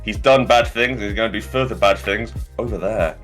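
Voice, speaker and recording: A man's voice: lowish voice, moderate pace, fairly bright tone, faint music behind. A man acting as game master, introducing players on a video call with playful, self-mocking banter. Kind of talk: joking stream introduction.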